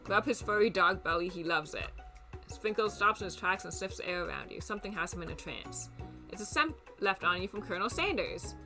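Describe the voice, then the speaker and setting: A woman's voice: lowish voice, lively intonation, brisk, sharp tone, faint music behind. Playful young woman streamer reading. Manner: playful, wry asides. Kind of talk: reading a dating game aloud.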